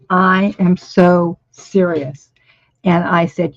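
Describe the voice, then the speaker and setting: A woman's voice: fairly low pitch, steady tone, very slow, long pauses, dry recording, highs cut off. A woman over fifty telling a story on a casual livestream from her home art studio, emphatic, often repeating words for stress and laughing.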